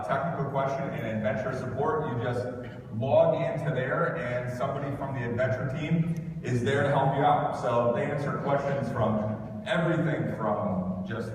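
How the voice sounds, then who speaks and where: A man presenting on stage at a company event, chatty and loose, with many fillers. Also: medium pitch. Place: large hall. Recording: echoey hall recording from far off with noise.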